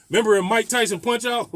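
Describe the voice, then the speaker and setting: A man's voice: high-pitched, expressive, normal speed, a bit bright, no room sound. A man, a landlord, telling a rambling, profane story about a tenant in a casual vlog, laughing often.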